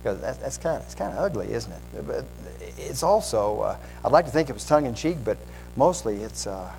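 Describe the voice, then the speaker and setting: A man's voice: medium pitch, sing-song, fairly quick, creaky, music in the background, rough recording. Self-deprecating male pastor preaching. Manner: candid, self-deprecating, conversational with asides. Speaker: guest pastor. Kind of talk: sermon.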